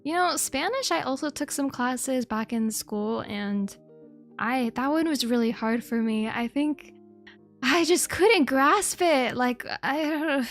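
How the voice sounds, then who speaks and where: Giggly high-voiced young woman streamer. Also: measured pace. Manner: giggly, swears freely, chatty. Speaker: VTuber streamer. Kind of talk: casual chat reading chat. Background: faint background music.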